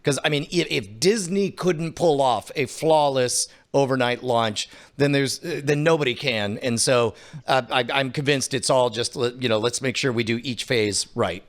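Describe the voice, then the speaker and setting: A man co-hosting a podcast, making his points in a halting, jokey way with many restarts. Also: medium pitch. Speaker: podcast co-host. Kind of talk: casual chat.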